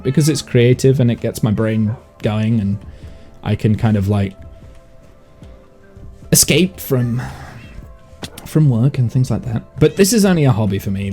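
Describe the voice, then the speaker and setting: A man's voice: medium pitch, a little mellow. A man from the English Midlands, with received pronunciation and a northern tinge, chatting casually on a game stream and thinking aloud with lots of fillers and restarts. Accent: English, received pronunciation mixed with Midlands/northern. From Midlands of England. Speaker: live streamer reading chat. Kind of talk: casual chat while gaming.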